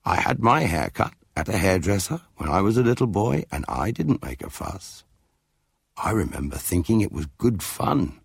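A man's voice: low voice, big pitch swings, normal speed, vocal fry, husky, no room sound, heavily acted. A man reading a storybook, voicing a jolly, overconfident father in a cajoling tone.

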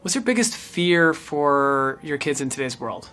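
A man asking rapid-fire interview questions from off camera, brisk and upbeat. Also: on the high side, lively intonation, a bit bright.

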